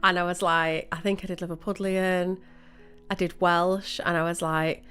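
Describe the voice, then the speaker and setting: A woman's voice: lowish voice, flat delivery, moderate pace, fairly bright tone, soft background music. A woman co-hosting a live show, talking casually and at length with restarts. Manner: chatty, rambling with restarts and laughter. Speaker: co-host. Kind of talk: casual radio chat.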